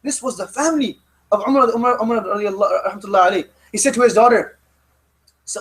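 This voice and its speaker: High-voiced man preaching emphatically. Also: fast talker, rough recording. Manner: emphatic and repetitive, with frequent restarts. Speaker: religious teacher. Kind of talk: youth halaqa sermon.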